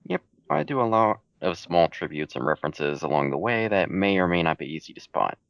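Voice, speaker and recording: A man's voice: sits low, animated, brisk, gravelly, a bit bright, dry recording. A man answering reader questions about his fan fiction in a casual, laid-back Q&A chat, with dry, matter-of-fact answers. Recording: dull home mic recording.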